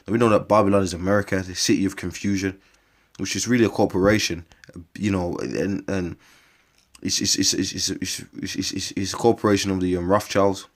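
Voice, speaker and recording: Male preacher, deep-pitched, rambling, crude, casual street-style scripture talk. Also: steady tone. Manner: rambling and profane, often calls listeners "bruv" and "mate"; slows down to read long scripture lists. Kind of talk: informal scripture preaching to camera.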